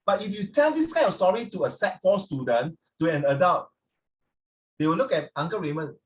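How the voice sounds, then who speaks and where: A man speaks a little fast in a high-pitched voice while teaching a class, teasing students in lively coaching and switching into Mandarin phrases over and over. He sounds somewhat far from the microphone.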